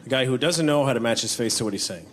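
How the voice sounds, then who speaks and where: On a comedy club stage, a male stand-up comedian runs through offbeat observational jokes and impressions. His medium-pitched voice is expressive and very fast, and the recording is noisy, with a loud audience.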